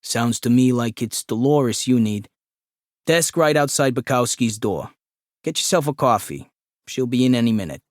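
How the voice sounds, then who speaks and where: A man's voice: mid-range voice, expressive, moderate pace, no room sound, studio quality, lightly acted. A man voicing a curt, dismissive male office worker. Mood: offhand.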